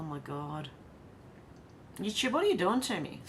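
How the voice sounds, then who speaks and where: A woman's voice: low voice, lively intonation, unhurried, long pauses, fairly bright tone, slight background noise. An Australian woman hosting a casual live stream, reading viewer comments aloud, chatty and blunt, laughing often and swearing.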